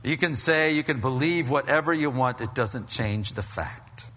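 A man's voice: medium pitch, moderate pace, bright, forceful tone, big-room sound. A middle-aged man preaching a sermon in an emphatic, conversational way, often repeating words as he builds a point. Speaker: pastor.

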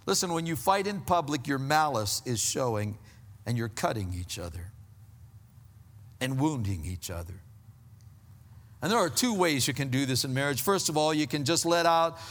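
A man preaching a sermon, slowing down to stress his points and dropping to a hushed, low voice for emphasis. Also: animated, big-room sound. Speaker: pastor.

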